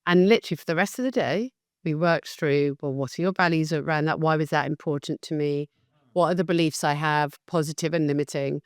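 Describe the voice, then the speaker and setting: Low-voiced woman telling her story. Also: fairly quick, dry recording, clean studio sound. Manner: animated, candid, emphatic storyteller. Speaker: guest, facilitation business founder. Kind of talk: podcast interview, personal storytelling.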